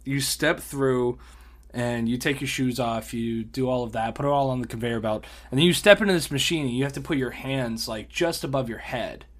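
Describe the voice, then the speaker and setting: A man on a podcast telling a story in a casual, animated way, swearing and laughing as he goes. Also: mid-range voice, normal speed. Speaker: podcast co-host.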